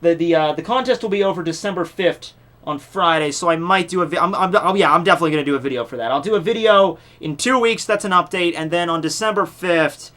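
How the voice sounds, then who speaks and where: Young guy vlogging about his fan contest, kinda high bright voice, rambly, lots of ums and likes, swears a bit. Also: fast talker. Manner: rambling, many fillers and restarts, casual swearing. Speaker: YouTube channel host running a fan contest. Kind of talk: casual unscripted talk to viewers.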